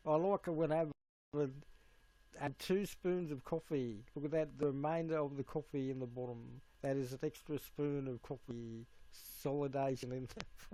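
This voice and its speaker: A man chatting casually on a live stream, giggly and playful, sometimes breaking into high squeals. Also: steady tone, normal speed, warm tone, no echo.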